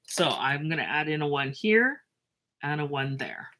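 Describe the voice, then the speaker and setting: A woman teaching a math lesson in a chatty, self-mocking way, with lively asides and a drawn-out pace while she writes. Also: low-pitched.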